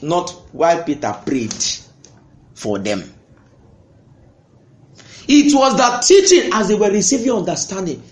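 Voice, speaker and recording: A man preaching a sermon with fervour, swinging between loud outbursts and hushed asides. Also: a little high, sing-song, moderate pace. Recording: echoey room.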